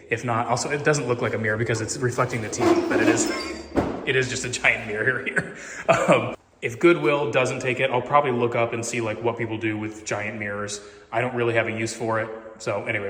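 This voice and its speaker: A man vlogging casually, rambling with lots of fillers about clearing out his home and cooking. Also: mid-range voice. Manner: rambling, chatty, full of fillers; excited whoops while cooking. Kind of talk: casual vlog chat. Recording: long hall reverb.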